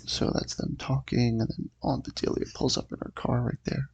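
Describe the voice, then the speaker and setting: A man hosting a show where he reads a comic aloud, making relaxed, offhand asides about the pages. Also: mid-range voice, moderate pace, vocal fry, slightly rough, highs cut off. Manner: laid-back, offhand asides. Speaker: host. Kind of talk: reading a comic aloud on camera.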